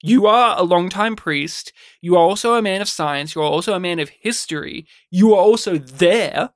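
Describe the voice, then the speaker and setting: An Australian man chats about a film on a podcast, animated and quick to laugh. His voice sits on the higher side for a man and comes across smooth and resonant. The recording is dry and close. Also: no echo. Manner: animated, acts out scenes in voices, laughs often. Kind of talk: casual film review chat.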